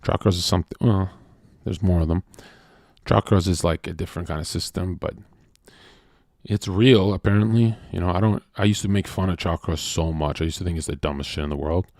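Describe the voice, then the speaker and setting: A man rants to his livestream chat in a brash, profane way. He jumps from shouting to near-whispered asides. The sound is dry and close, with no room echo. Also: fairly quick. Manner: brash, profane, swings from loud shouting to low murmuring. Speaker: streamer.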